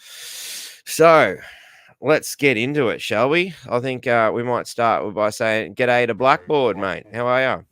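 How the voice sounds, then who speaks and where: A man's voice: mid-range voice, slow, a bit bright, smooth, no echo. An Australian man hosting a casual live stream, rambling, swearing freely and greeting viewers by name. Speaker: host.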